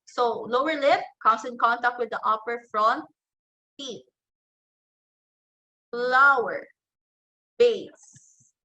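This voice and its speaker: Woman, teacher, online class lecture, slow pace, bright tone, fillers and restarts. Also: fairly high pitch, muffled recording. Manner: enunciates example words one by one. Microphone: computer microphone in an online class.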